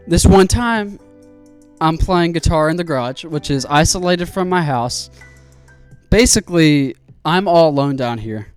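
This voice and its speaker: A young man with a fairly high voice tells a story in an animated, profane way, acting out his own panic. He talks casually, like a streamer chatting with his viewers. A soft lo-fi beat plays faintly behind him. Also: smooth. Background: faint lo-fi music.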